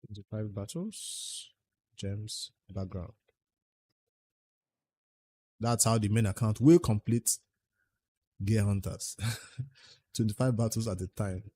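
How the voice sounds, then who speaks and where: A man's voice: lowish voice, fairly even intonation, slow pace, pauses often, mellow, breathy edge. Chatty Nigerian man streaming a game. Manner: chatty, answers chat questions and mutters about his progress. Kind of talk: casual livestream chat.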